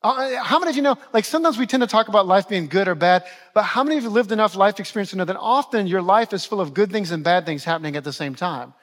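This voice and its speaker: A man's voice: high-pitched, lively intonation, fast talker, hardly any pauses, a bit bright. A man in his forties, a pastor preaching a sermon, repeating key phrases and asking the congregation questions.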